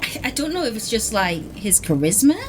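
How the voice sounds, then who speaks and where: A woman's voice: mid-range voice, very animated, brisk, background noise. A woman streamer from England in casual, enthusiastic chat. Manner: chatty, enthusiastic.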